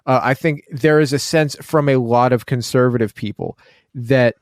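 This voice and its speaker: Man podcast co-host, mid-pitched voice, wry and explanatory, dry close-mic sound. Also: moderate pace, darkish tone, no echo. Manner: wry, talks in long explanatory runs, acts out quoted voices. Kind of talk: casual chat.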